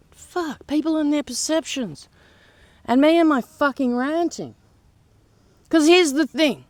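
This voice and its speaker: A woman's voice: sits high, unhurried, long pauses, darkish tone, no echo. An Australian woman venting in a blunt, sarcastic rant for her vlog, swearing heavily and mocking the views she disagrees with. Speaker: vlogger. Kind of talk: ranting monologue vlog.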